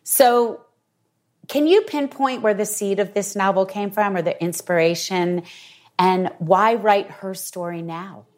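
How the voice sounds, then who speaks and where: A woman hosts a podcast and asks a guest author questions in a conversational way. She sounds enthusiastic, and her pitch is in the middle of the usual range for a woman. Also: unhurried, a little mellow. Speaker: podcast host. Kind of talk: interview questions.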